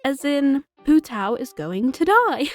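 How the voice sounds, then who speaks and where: Young woman, higher voice, chatty game recap, light music behind. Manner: chatty, animated, self-mocking, laughs often. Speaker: gaming video host. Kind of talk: casual recap of a game story.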